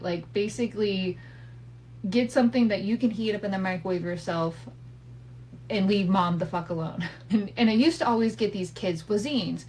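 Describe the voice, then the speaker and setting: A woman's voice: mid-range voice, normal speed, a little mellow, low-quality recording. A woman in her thirties hosting a podcast, telling a family story in a candid, profane way with asides and laughs. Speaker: podcast host. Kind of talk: casual storytelling monologue. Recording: faint hum from a home setup.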